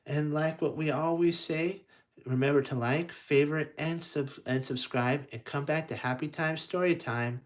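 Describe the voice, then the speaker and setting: A man's voice: fairly high pitch, fairly even intonation, moderate pace. A man telling a children's story aloud in a loose, rambling way, often restarting his words.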